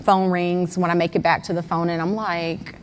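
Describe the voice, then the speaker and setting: Woman recounting events, slightly low voice. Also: level tone, normal speed, long reverb tail, slight background noise. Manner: detailed, step-by-step retelling with times. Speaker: mother of a missing son.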